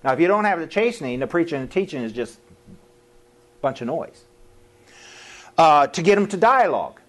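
Preaching to a live audience, a middle-aged man speaks at normal speed in a fairly high pitch. He's folksy and animated throughout. He chuckles at his own lines and performs the voices of people he quotes.

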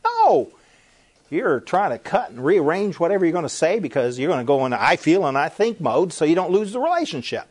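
A man's voice: fairly high pitch, sing-song, fast talker, few pauses, husky. A man preaching an emphatic sermon-style talk, firing rhetorical questions and repeating phrases as he presses each point.

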